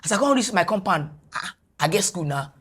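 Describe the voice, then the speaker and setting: A Nigerian woman, a guest on a podcast, retelling a personal story in animated English mixed with Pidgin. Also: fairly low pitch, fairly quick, husky.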